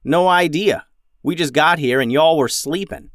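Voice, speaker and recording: Male narrator voicing keen young ninja boy, friendly, slightly raised pitch. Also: normal speed, a bit bright, dry recording, clean studio sound, natural voice.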